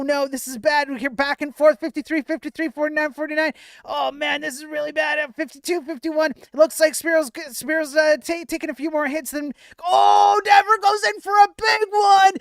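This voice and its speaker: A man putting on an excited sports commentator voice, calling a fight blow by blow in rapid shouted play-by-play. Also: very high-pitched, dry recording, studio quality, voice pushed up.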